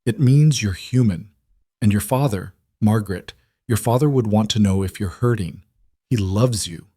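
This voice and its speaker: A man voicing a kind young frontier woman who speaks gently but firmly, reassuring a frightened family. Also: fairly low pitch, moderate pace, husky, dry recording, studio quality. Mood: tender.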